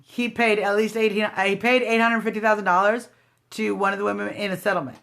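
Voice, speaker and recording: A woman hosting a live phone stream, talking loudly in a confrontational, sarcastic political rant. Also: medium pitch, level tone, fairly quick, creaky. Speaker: livestream host. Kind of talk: combative political livestream rant. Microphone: phone livestream.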